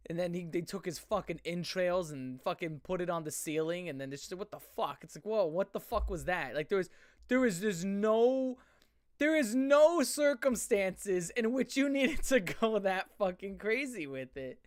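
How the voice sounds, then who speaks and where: A male streamer rants through a live show, his voice pitched a little high and recorded close and dry. He rambles from point to point and swears constantly. He often stops mid-sentence and starts over. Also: expressive, moderate pace, dry recording. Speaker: streamer reacting to chat. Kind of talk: profane live-stream rant.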